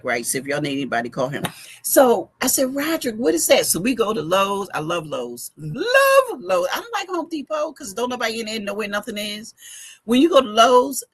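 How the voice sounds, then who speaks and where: A woman's voice: mid-range voice, husky. A middle-aged woman, chatting animatedly to viewers in a casual livestream from her home basement, speaking into a phone. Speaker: fashion week organizer giving a live update.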